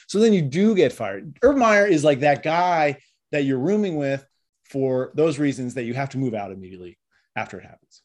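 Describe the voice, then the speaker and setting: A man's voice: mid-range voice, brisk. A man co-hosting a sports podcast in casual, joking chat, acting out little quoted voices. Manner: animated, jokey, acts out quoted voices. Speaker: podcast co-host.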